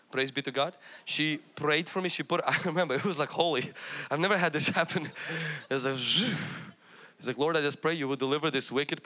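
A man's voice: a little high, sharp tone. A man who is a pastor, telling a personal story with self-mocking humor and then preaching with rising fervor. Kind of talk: sermon.

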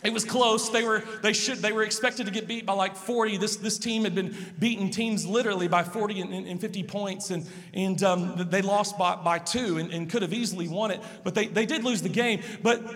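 A man's voice: high-pitched, steady tone, fairly quick, few pauses, fairly bright tone. A man preaching a sermon as a pastor, earnest and conversational, telling personal stories. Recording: long hall reverb.

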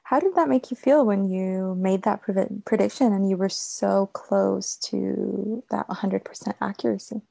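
A woman's voice: mid-range voice, fairly even intonation, unhurried, creaky, few pauses, dark tone, no echo. A woman interviewer asking questions and listening with short affirmations. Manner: attentive, brief affirmations.

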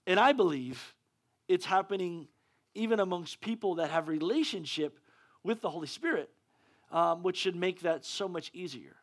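A male preacher giving a sermon, excitable and often stumbling over restarts. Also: high voice, moderate pace.

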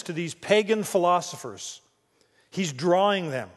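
Male pastor, storytelling sermon, slightly higher voice, reverberant church sound. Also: moderate pace. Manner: storytelling, with frequent restarts. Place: church sanctuary.

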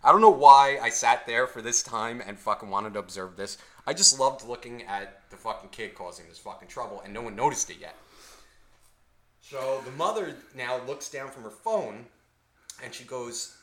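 A man co-hosting a podcast, telling a story in a casual, profane, animated way. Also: medium pitch, moderate pace, reverberant. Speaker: podcast co-host.

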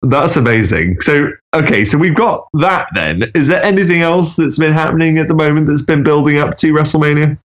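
Giggly podcast guy, higher voice. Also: a little fast, hardly any pauses. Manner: laughs often, eager reactions. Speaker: podcast co-host. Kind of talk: casual chat.

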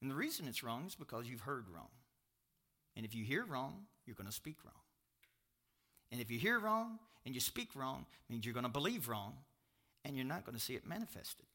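A middle-aged pastor with a Kentucky accent, preaching a sermon in an emphatic storytelling manner that swings from exclamations to low confiding asides. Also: male voice, very animated, normal speed, pushed and bright.

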